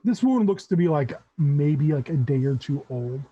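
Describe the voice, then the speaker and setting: A man's voice: a little high, animated, normal speed, slightly rough, dull audio. A man narrating as game master in a loose, rambling way, full of fillers.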